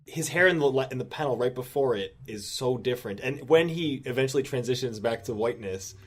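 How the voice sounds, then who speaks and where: A man's voice: mid-range voice, fairly quick, breathy edge. Man searching for words, trailing off. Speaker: podcast co-host. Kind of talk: casual chat.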